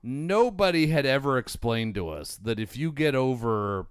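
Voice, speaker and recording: A podcast co-host in his forties tells friends a rambling, profane, animated story in casual conversation, recorded on a close mic. His voice is medium-pitched, clear, and resonant, at a moderate pace, with a dry recording.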